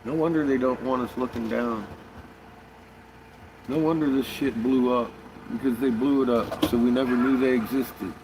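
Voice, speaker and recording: A man's voice: mid-range voice, steady tone, moderate pace, background noise. A man talking casually in a rambling monologue, swearing often and restarting his sentences. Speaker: conspiracy vlogger.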